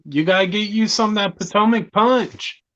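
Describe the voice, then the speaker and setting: A man joining a late-night live stream chat, speaking slowly and in a laid-back way. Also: high-pitched, a bit bright, lo-fi sound, slight background noise. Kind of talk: casual chat.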